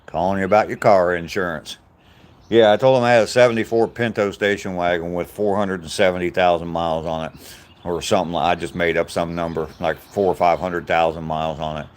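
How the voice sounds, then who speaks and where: Older American man, very low voice, rambling jokey stream host, faint outdoor hum behind. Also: fairly even intonation, fairly quick. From United States. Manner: rambling, jokey, laughs at own stories. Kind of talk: casual chat with live chat viewers. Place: outdoors on a walk.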